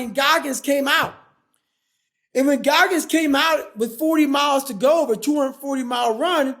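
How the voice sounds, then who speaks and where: A man in his forties tells a story as a podcast guest, driving hard on every point and swearing freely. His voice sits very high for a man, with a gravelly, rough edge. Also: fairly bright tone. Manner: intense, profane, emphatic. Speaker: guest, former Navy SEAL and endurance athlete.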